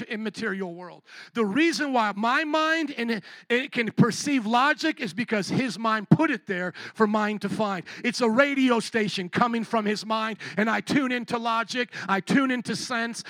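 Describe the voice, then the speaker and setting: High-voiced, bright preaching man. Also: no echo. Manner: animated preaching with call-and-response questions. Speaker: pastor. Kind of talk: sermon.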